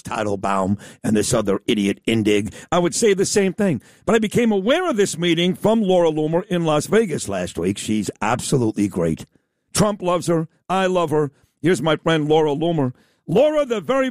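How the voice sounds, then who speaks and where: A man's voice: on the high side, darkish tone, dry recording. A male talk radio host speaking bluntly and combatively in a studio.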